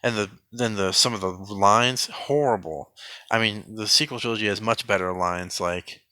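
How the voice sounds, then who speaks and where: A man giving a sarcastic mock film review in a deadpan, rambling way, full of fillers and restarts. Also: lowish voice, moderate pace, no room sound.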